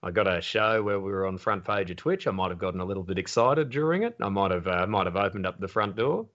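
A man with an Australian accent, a comedian guest telling lively, sweary anecdotes in casual podcast chat. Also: sits low, quick pace, muffled recording. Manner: lively anecdotes, swears freely, slips into voices.

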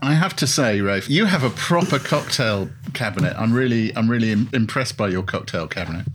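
A man's voice: on the low side, lively intonation, fairly quick, music in the background. Teasing male chat-show host. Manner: jokey, teasing, fillers and hesitations. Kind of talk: casual interview chat.

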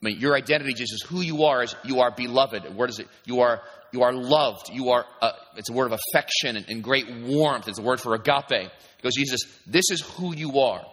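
Bright-voiced male pastor in a reverberant church. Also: mid-range voice, fairly quick, hardly any pauses. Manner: conversational preaching with frequent "you know" and restarts. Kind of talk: sermon. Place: church sanctuary. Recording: long reverb from a church hall.

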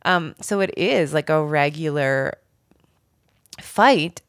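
A woman's voice: low-pitched, lively intonation, slow pace, dry recording, studio quality. A woman hosting her own podcast, talking candidly and emotionally about her work and her book, with many fillers. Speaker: podcast host and author. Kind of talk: reflective solo podcast talk.

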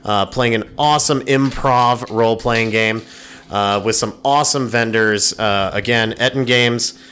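A man's voice: unhurried, a bit bright. A man in casual chat plugging his upcoming show, upbeat and full of "uh" fillers. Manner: upbeat promo pitch, filler-heavy. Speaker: comedian and performer.

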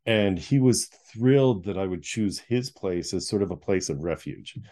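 A man's voice: low voice, moderate pace. A middle-aged man telling a personal story as a podcast guest, acting out the voices. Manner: animated storyteller who acts out voices. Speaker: guest, author.

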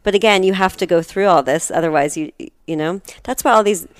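A woman's voice: fairly low pitch, a little fast, clean tone, no echo, clean studio sound. A woman who is an astrologer guest in a casual spiritual chat, explaining earnestly with analogies.

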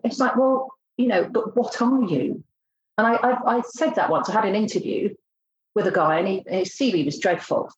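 A woman's voice: medium pitch, moderate pace, muffled recording. A woman, a recruitment consultant talking bluntly and emphatically in a casual interview. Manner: blunt, emphatic, acts out exchanges.

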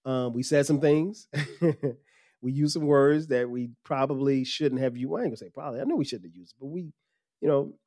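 A man, hosting a podcast and telling a story in a casual, animated way with lots of laughter. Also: mid-range voice, no room sound, clean studio sound. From South Carolina. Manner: animated, laughs often, quick restarts. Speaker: podcast host.

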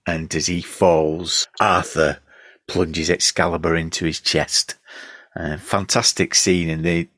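Male podcast co-host, very low voice, dry close sound, casual film talk. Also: level tone, slow pace, fairly bright tone, no echo. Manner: reads review excerpts aloud, thoughtful.

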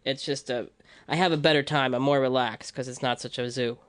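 A man's voice: mid-range voice, steady tone, brisk, a bit bright, no room sound. A man in his late thirties, a touring comedian, chatting casually on a podcast in a rambling, self-deprecating way. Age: 30s.

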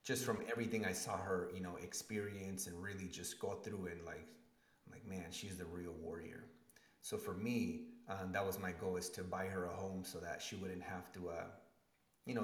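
A man as an interview guest, telling a personal story in an animated way and acting out the voices of the people he quotes. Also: deep voice. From Spanish-speaking family. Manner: animated storyteller, acts out quotes with rising emotion. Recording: echoey room.

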